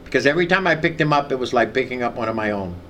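A man's voice: medium pitch, expressive, very fast, bright, forceful tone, a little hiss or hum. A man preaching a sermon, telling a personal story and leading the congregation in repeating lines. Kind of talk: sermon with call and response.

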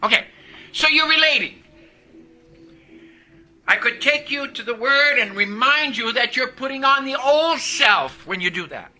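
A man's voice: very high-pitched, lively intonation, a little slow, long pauses, pushed and bright, rough recording. A man preaching a sermon to a congregation, speaking emphatically and calling out for their responses.

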